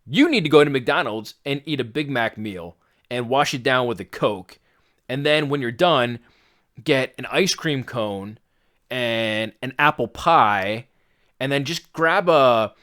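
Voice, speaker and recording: A man putting on a low, sneering mock voice of an imaginary figure urging someone to eat junk food. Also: lively intonation, measured pace, fairly bright tone. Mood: sarcastic.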